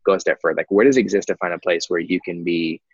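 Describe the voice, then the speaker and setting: A man's voice: deep voice, steady tone, very fast, breathy edge, no echo, highs cut off. A man, candidly telling his life story as a guest, rambling with lots of fillers. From Texas. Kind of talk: personal story in conversation.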